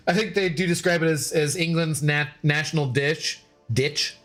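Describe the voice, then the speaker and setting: A man with a fairly bright voice on the high side, steady in tone and measured in pace, is streaming a game. He chats casually with viewers, answering chat, joking and laughing often.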